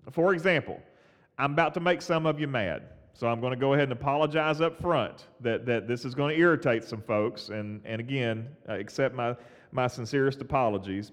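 Man, pastor, sermon, earnest, halting restarts, high voice, echoing church hall.

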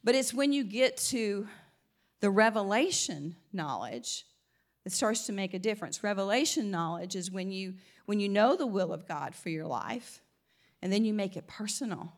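A woman with a light Southern US twang gives a relaxed Christian teaching at a middle pitch. She talks conversationally, often restarting her phrases and breaking into laughter. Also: moderate pace. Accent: slight Southern US twang. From American South. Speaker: Christian speaker. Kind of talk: informal faith teaching.

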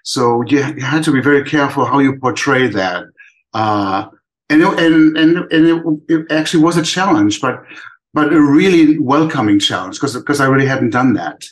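A man's voice: mid-range voice, expressive, moderate pace, rough recording. Older German-accented man, thoughtful. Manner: thoughtful, many restarts and fillers. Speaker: animator guest. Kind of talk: casual interview talk.

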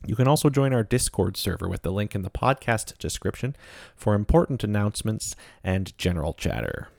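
A man hosting a podcast, chatting casually and reading a relaxed sign-off. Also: lowish voice, fairly quick, creaky, no room sound. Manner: relaxed, reads a sign-off plug. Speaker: podcast host. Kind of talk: casual podcast chat and outro.

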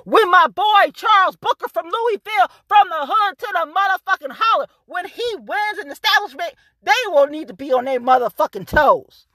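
A woman rants hotly to camera, cursing and hammering every point twice. Her voice sits very high and swings widely. The tone is bright and cutting, and the sound is dry and close. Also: dry recording. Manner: fiery, cursing, repetitive and emphatic. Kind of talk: angry profane rant to camera.

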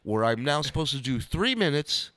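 Animated swearing male comic storyteller. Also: mid-range voice, normal speed, no room sound. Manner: animated, swearing, acts out scenes. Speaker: comedian guest.

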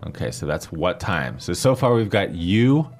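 A man leads a language lesson in a fairly low voice, slowly and patiently spelling out pinyin letter by letter. Soft music plays faintly behind him. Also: sing-song. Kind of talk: explaining grammar in a lesson dialogue.

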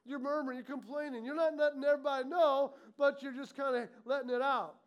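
Man, pastor, sermon, very high-pitched, animated preaching. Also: quick pace. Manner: animated preaching, acts out muttering complaints.

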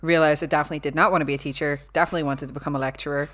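A woman's voice: low voice, steady tone, racing, a bit bright. A woman with a Belfast accent, a guest lecturer telling candid stories in a casual podcast chat, swearing and laughing often.

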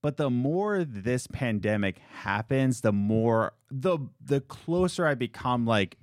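A young man co-hosting a podcast, telling stories in a rambling, animated way with frequent restarts. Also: mid-range voice, takes it slowly, no echo, studio quality. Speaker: podcast co-host. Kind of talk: casual chat.

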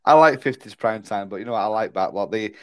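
A man's voice: fairly low pitch, fast, no room sound. A man co-hosting a podcast in casual chat, joking and airing strong opinions. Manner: joking, opinionated, hums tunes. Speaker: podcast co-host.

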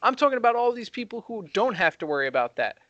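A young man co-hosting a heated casual debate, talking fast and getting excited as he argues. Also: sits high, no room sound, lo-fi sound. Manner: fast, excitable, rising when worked up. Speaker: co-host.

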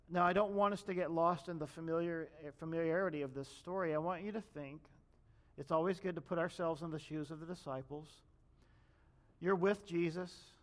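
A man with a fairly high voice delivers a sermon. He talks to his listeners casually and directly, often acting out the lines of the people in the story. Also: steady tone, fairly quick. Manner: conversational preaching, acts out quoted voices. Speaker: pastor.

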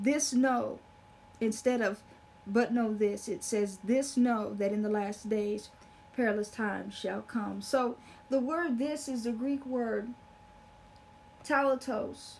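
High-voiced woman preaching earnestly. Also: darkish tone, slight background noise. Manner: earnest, repeats phrases for emphasis, with fillers. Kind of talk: sermon.

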